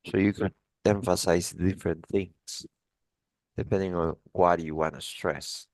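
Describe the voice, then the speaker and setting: Low gravelly guy tutoring over a call, patient, lots of restarts, dry sound. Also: fairly even intonation, a little slow, darkish tone, no echo. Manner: patient, explains with many restarts and "like". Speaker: English test tutor. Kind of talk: one-on-one lesson review.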